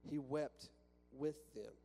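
A man's voice: fairly high pitch, slow, warm tone, faint music behind. A man preaching a sermon to a congregation in a church, talking conversationally with restarts and rhetorical questions. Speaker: pastor. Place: church sanctuary with a balcony. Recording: long reverb from a church hall with faint hum.

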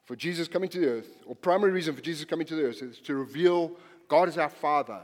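A male pastor preaching a sermon, animated and emphatic, repeating phrases and swinging from quiet to loud. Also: a little high, big-room sound.

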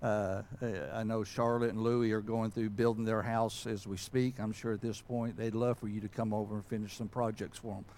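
A man preaching as pastor, talking in a folksy, self-deprecating way and filling pauses with "uh". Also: fairly low pitch, little pitch movement, a little mellow, slight background noise. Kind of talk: conversational sermon and prayer.

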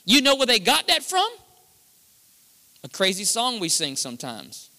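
A high-voiced, bright-toned man preaches into a handheld mic, swinging between near-shouts and hushed passages. His voice rings out with a long reverb from the hall. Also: huge pitch swings, a little slow. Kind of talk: sermon. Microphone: handheld microphone.

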